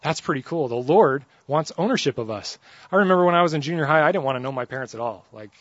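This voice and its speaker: A man's voice: fairly high pitch, animated, fast, a bit bright, no room sound, dull audio. A man preaching a casual sermon. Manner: conversational, self-deprecating storytelling between scripture readings.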